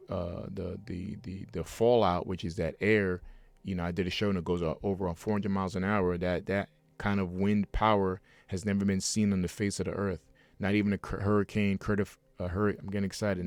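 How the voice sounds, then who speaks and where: A man's voice: deep voice, no room sound. A man preaching a heated, rambling sermon at home, reading scripture and breaking off into fiery asides with many restarts.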